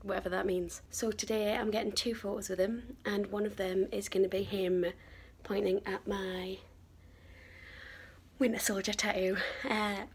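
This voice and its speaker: A young woman vlogging to camera, excited and emotional, hesitant and full of fillers. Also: medium pitch, normal speed, slightly rough. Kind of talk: casual vlog talk to camera. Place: convention arena and outdoors nearby.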